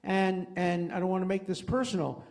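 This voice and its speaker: A man's voice: high voice, fairly even intonation, a little fast, darkish tone. An older man giving a public talk at a community center as a guest speaker, impassioned and digressive, with frequent restarts. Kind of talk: public lecture with Q&A moderators.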